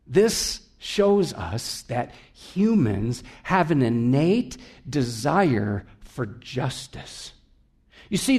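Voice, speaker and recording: A man preaching a sermon as a pastor, telling stories and swinging from emphatic to hushed. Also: a little high.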